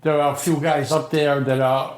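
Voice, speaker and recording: A man's voice: fairly high pitch, little pitch movement, moderate pace, reverberant. An older man from Providence, telling blunt, profane tough-guy stories as an interview guest. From Providence, Rhode Island. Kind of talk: casual storytelling chat.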